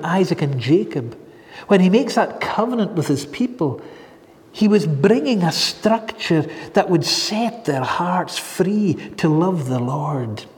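Earnest male preacher, slow and measured, leaning on pauses, heard in a large echoing church hall. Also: sits high, a little mellow. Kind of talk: sermon. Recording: long reverb in a large hall.

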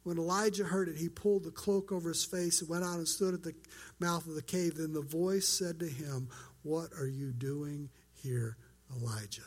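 High-voiced preaching pastor. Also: male voice, steady tone, fairly quick. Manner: earnest, conversational preaching with acted-out quotes. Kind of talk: sermon.

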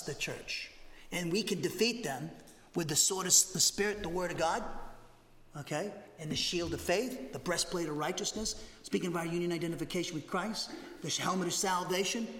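New pastor guy preaching, high bright voice, lots of "okay?", big roomy church echo. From Massachusetts, USA. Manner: animated, conversational, jokey asides with frequent "okay?". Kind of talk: expository Bible teaching sermon. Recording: roomy hall reverb.

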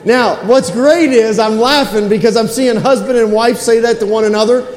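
High-voiced pastor preaching in an echoing hall. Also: male voice, moderate pace, a little mellow. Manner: preaching with repetition and call-and-response. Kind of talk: sermon. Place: church sanctuary. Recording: roomy echo with long reverb in a hall.

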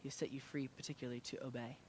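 A man preaching a sermon as pastor, earnest, rising in intensity and then dropping soft to pray. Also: medium pitch, little pitch movement, very fast, a little hiss or hum.

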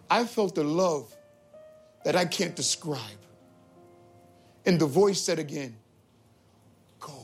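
A man telling his conversion testimony as a story, swinging between excited high retellings and low, solemn moments. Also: vocal fry. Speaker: testimony speaker. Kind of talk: spoken testimony.

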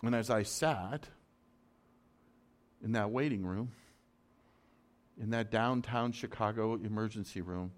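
A man's voice: on the low side, slow, long pauses, a little hiss or hum. Man preaching with dramatic swings in volume. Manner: dramatic, swings from loud urgency to soft hush. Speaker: pastor. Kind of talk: sermon storytelling.

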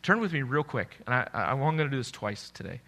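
Earnest, bright-voiced male preacher. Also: lively intonation, quick pace. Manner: earnest, repeats words when restarting, rises in pitch and force when quoting doubters. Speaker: pastor. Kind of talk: sermon.

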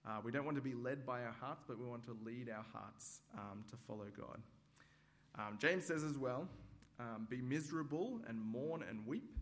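A man preaching a sermon at a church service, measured and hesitant with frequent ums, acting out everyday examples. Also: medium pitch, a bit bright. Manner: demonstrative, acts out examples.

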